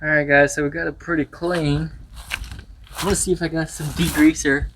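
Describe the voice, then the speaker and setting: A man with a flat, level delivery walks through a repair job in a casual how-to style, filling his talk with "like" and "um." His voice bounces around an echoey garage workshop. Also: fairly high pitch, fairly quick, distant mic, a little hiss or hum. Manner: rambling, many fillers like "like" and "um". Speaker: YouTuber restoring a truck.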